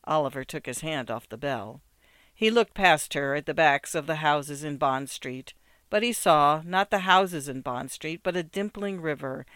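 A man reads a literary story with measured, rhythmic phrasing, his smooth, resonant voice sitting slightly high. The sound is close and dry, with no room around it. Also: bright, forceful tone, dry recording. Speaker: narrator. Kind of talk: scripted narration of a literary story.

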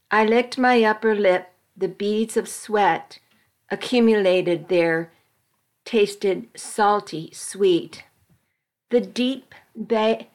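A woman volunteer reader narrating a dramatic magazine story aloud in a measured storytelling voice. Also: mid-range voice. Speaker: volunteer reader for a reading service.

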